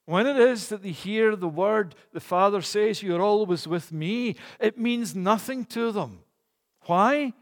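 A man's voice: sits high, unhurried, long reverb tail. A man preaching a sermon in an earnest, emphatic way, with rhetorical questions.

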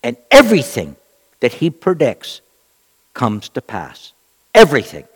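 A man preaching a Bible-teaching sermon in an emphatic, rhetorical way, with dramatic pauses. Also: mid-range voice, huge pitch swings, breathy edge, in a large hall.

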